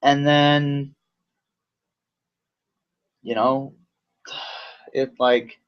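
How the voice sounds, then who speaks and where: Young guy rambling thru a movie review, swears a lot, lots of ums, kinda dull lo-fi mic, mid pitch. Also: flat delivery, drawn-out words, clear, resonant tone. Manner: rambling, swears often, frequent fillers. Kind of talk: casual unscripted review.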